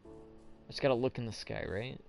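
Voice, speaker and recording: A man's voice: mid-range voice, normal speed, creaky, soft background music. A young man hosting a casual gameplay commentary, rambling and asking himself questions as he plays. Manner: rambling, thinks aloud, self-questioning. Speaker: let's play host.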